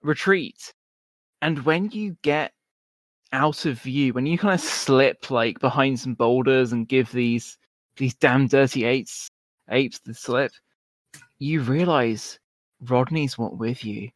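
A man's voice: mid-range voice, slow pace, no room sound, studio quality. A man narrating as game master in a casual, rambling way, full of "like" and filler words. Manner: rambling, filler-heavy, giggly.

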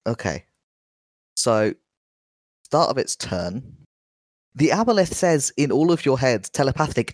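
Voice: mid-range voice, sing-song, unhurried, pauses often, dry recording, clean studio sound. A game master narrating a tabletop game in a playful, chuckling way.

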